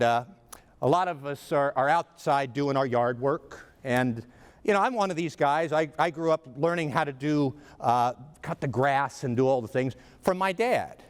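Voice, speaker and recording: Animated man telling stories on stage. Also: on the high side, smooth. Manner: animated, comic asides. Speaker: motivational speaker. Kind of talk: humorous keynote storytelling. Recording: reverberant hall.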